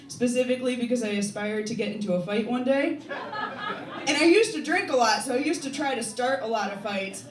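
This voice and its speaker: A young adult stand-up comedian with a rambling, self-deprecating delivery who laughs at their own jokes. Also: medium pitch. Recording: echoey noisy room from a distance.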